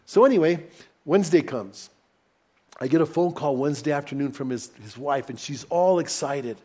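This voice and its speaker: Animated pastor telling church stories. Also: male voice, on the high side, moderate pace. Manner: animated, personal anecdotes told warmly to a congregation. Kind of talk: sermon storytelling.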